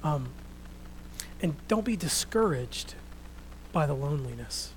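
A man preaching a sermon, reading scripture out loud and then talking quietly and earnestly to his congregation. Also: a little high, very animated, a little slow, a little hiss or hum, rough recording. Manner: reads scripture loudly, then speaks quietly and reflectively.

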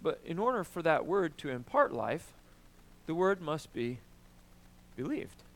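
A man preaching a sermon, emphatic and animated, often asking "right?" and clearing his throat. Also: a little high, measured pace. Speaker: pastor.

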